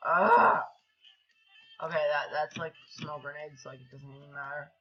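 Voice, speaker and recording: A young male gaming host giving casual commentary while he plays, excitable, with yelps and groans, then mumbled asides under his breath. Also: a little high, brisk, lo-fi sound, faint music behind.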